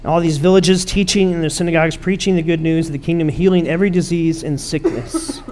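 Man, pastor, emphatic conversational sermon, high voice. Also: steady tone, a little fast, darkish tone. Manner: conversational, emphatic preaching with rising bursts.

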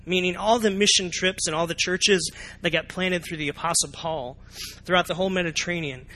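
A man preaching a sermon as pastor, animated and often asking the congregation questions. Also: high voice. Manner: animated, asks the congregation questions, acts out reactions. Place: church sanctuary.

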